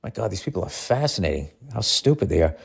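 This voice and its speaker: A man's voice: low voice, big pitch swings, fast, gravelly, husky. A man hosting a podcast, reading a listener's letter aloud and breaking in with profane, sarcastic asides. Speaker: podcast host.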